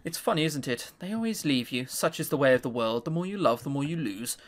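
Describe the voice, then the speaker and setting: A man voicing a cold, possessive mother in a visual novel, speaking low, soft and sinister. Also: animated, fast, lightly acted. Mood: menacing.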